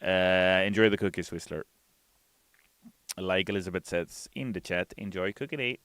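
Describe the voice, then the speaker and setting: A man's voice: deep voice, moderate pace, a bit bright, smooth, no echo. A man hosting a game livestream, casually reading chat messages aloud and answering them from a studio. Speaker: game stream host.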